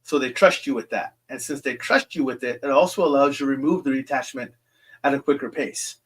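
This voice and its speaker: Hosting a live Q&A stream, this man speaks in a mid-range voice that is a bit bright and slightly rough. His reassuring rambling is aimed straight at each viewer, with "um" filling the pauses.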